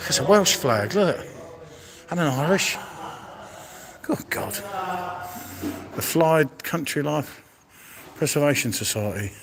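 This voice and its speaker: A middle-aged man with a slightly high, gravelly voice speaks slowly with long pauses and big pitch swings over background noise. Walking through an indoor museum of old exhibits with a handheld phone, he marvels at the displays live and talks to viewers by name.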